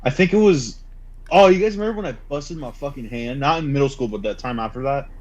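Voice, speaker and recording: A young man co-hosting a podcast, telling stories in a casual, profane, animated way. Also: medium pitch. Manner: rapid, profane, animated storytelling. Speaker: podcast co-host. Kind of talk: casual storytelling chat. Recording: dull lo-fi sound.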